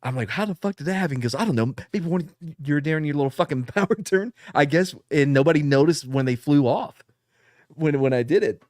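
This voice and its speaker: A man's voice: a little high, a little fast, no room sound, clean studio sound. A man co-hosting a casual talk show, telling a story with lots of swearing, laughing and acting out other people's voices. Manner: animated storyteller, acts out voices, laughs often. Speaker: podcast co-host, veteran.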